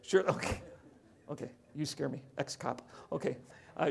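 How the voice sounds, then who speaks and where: A man preaching a sermon as pastor, conversational, swinging from loud emphasis to hushed tones. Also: fairly high pitch, wildly swooping pitch, normal speed, vocal fry, husky.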